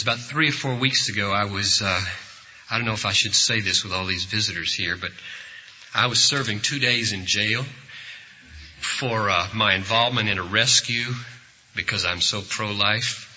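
A man's voice: on the low side, moderate pace, bright, forceful tone, a little hiss or hum. A man preaching a sermon to a church congregation, telling stories dramatically and acting out the voices in them. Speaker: pastor. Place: church service before a congregation. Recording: echoey hall, dull lo-fi sound.

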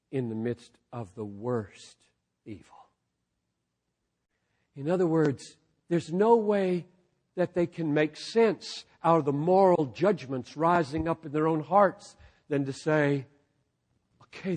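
A man preaching a sermon to a live audience with passion, dropping to a hush and then rising almost to a shout. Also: a little high. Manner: impassioned, swinging from hushed to near-shouting. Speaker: pastor.

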